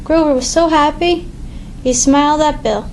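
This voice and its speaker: A woman reads a children's picture book aloud in a clear, measured way. Her voice sits high. A faint hiss runs underneath. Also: darkish tone, low-quality recording. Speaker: reader.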